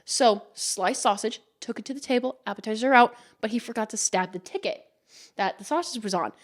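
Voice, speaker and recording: This is a young woman hosting a casual podcast, with a voice a touch higher than most. She tells stories in an animated, unfiltered way, swearing and laughing as she goes. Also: a little fast. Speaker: podcast host. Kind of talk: casual chat.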